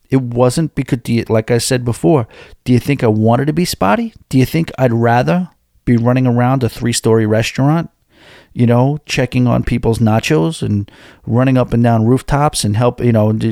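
A man's voice: mid-range voice, mellow, no echo, studio quality. A man hosting a podcast in casual chat, candid and rambling, reading out listener emails and answering them. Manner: candid, rambling, restarts mid-sentence. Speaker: podcast host.

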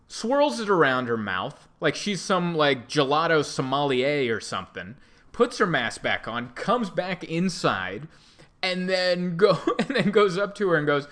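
A male comedian host telling an animated, exasperated story in a comedic monologue. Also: a little high.

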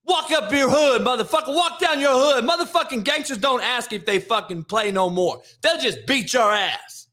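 A man hosting a daily rant show, yelling and swearing without letup. His voice sits very high for a man and comes out tense and forceful, with a sharp edge on every line. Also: animated, normal speed, few pauses. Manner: angry, yelling, heavy swearing. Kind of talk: profane sports rant.

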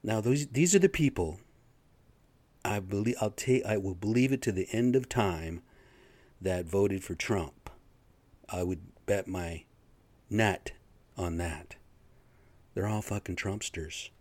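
A man's voice: on the low side, slow pace, long pauses, darkish tone, no echo. A man in construction giving a profane, agitated, rambling solo rant.

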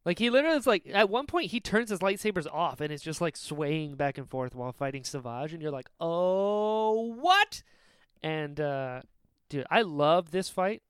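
Animated male podcast co-host, excitable ranter, smooth and dry. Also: fairly high pitch, fairly quick, no room sound. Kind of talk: casual chat.

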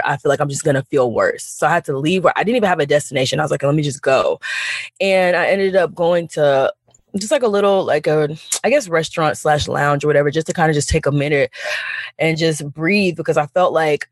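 Woman talking real fast on a podcast, dry close sound. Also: low-pitched, no room sound. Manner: candid, animated storytelling with slang. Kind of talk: casual chat.

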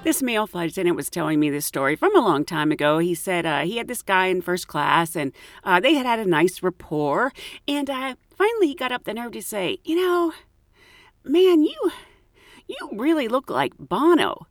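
A woman who is a flight attendant and podcast host, telling travel stories in a lively way and acting out the voices of people in them. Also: on the low side, a little fast, no room sound, studio quality. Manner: animated, acts out quoted voices with laughs. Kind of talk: casual anecdotal storytelling.

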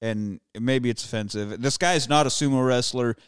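A man's voice: medium pitch, moderate pace, clear, resonant tone, no echo, studio quality. A man co-hosting a casual movie podcast, joking and cursing as he rambles through a film. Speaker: podcast co-host.

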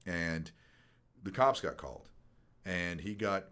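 A man's voice: low voice, takes it slowly, bright, forceful tone, clear, resonant tone. A man on a podcast, casually telling rowdy, profane stories and laughing often. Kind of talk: casual chat, storytelling.

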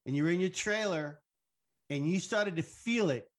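A man's voice: high-pitched, normal speed. A man hosting a casual podcast interview, teasing his guest and swearing freely. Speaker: host.

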